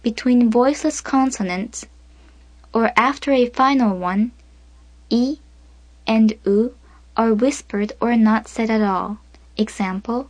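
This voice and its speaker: A woman reading a scripted language lesson, pronouncing each syllable slowly and carefully. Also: fairly high pitch, darkish tone, no room sound. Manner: slow, deliberate, careful pronunciation of syllables. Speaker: language instructor.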